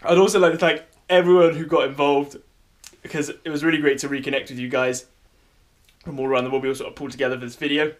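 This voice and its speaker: A chatty man with a fairly high voice talks straight to his mum with easy, joking warmth. His delivery is casual and unscripted, like a home video message. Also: level tone, fast, slight background noise. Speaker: video maker thanking contributors.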